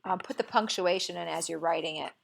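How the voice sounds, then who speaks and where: A woman's voice: lowish voice, brisk, gravelly, noisy background. A woman teacher explaining poetic meter in a recorded lesson, patient and explanatory, often checking in with "okay".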